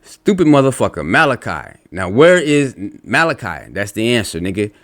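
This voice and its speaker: A man's voice: medium pitch, very animated, moderate pace, fairly bright tone. A man reacting to online comments in an angry, profane rant, lecturing bluntly and combatively. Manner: lectures while reading out comments. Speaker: religious commentator.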